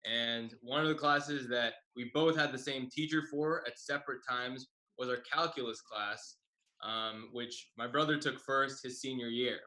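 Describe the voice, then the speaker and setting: A young man and comedian telling a shared story in a halting, wry way full of fillers over a video call. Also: mid-range voice, fairly even intonation, bright, forceful tone, echoey room, rough recording. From Bay Area, California. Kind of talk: tag-team comedic storytelling.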